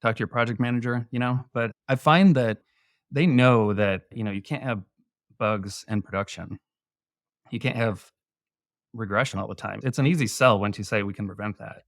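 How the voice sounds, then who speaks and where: A man's voice: lowish voice, normal speed, no room sound, studio quality. A man, a guest author, explaining his views in a casual panel discussion. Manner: explanatory, conversational.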